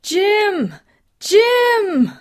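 A woman reading an audiobook voices a panicked young woman trying to save a dying friend, pleading and crying out loudly. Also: lowish voice, slow pace. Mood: screaming. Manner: frantic, pleading, breaking into loud cries.

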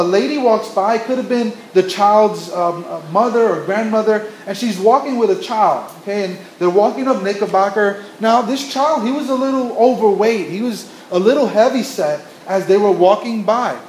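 A pastor with a notably high voice for a man, slightly mellow, preaches a sermon at a moderate pace. He tells stories earnestly, restarting and repeating himself to build his point. The church room echoes, with faint ambience and a little hiss or hum.

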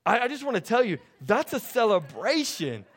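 A man in his thirties preaching a sermon as pastor, telling stories with lively, excited delivery that grows loud. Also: very high-pitched, normal speed, breathy edge.

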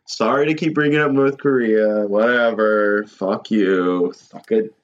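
A man's voice: fairly low pitch, fairly even intonation, unhurried. Podcast host, male, crude jokey banter, slightly muffled lo-fi sound. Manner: crude, joking, slips into mock voices. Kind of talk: casual comedic chat.

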